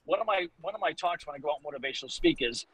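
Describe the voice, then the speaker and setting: A man in his fifties with a Boston accent, a fitness coach talking on a podcast, animated and motivational, acting out quoted lines as he tells stories. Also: a little high, racing, a little hiss or hum, low-quality recording. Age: 50s. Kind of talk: casual podcast conversation.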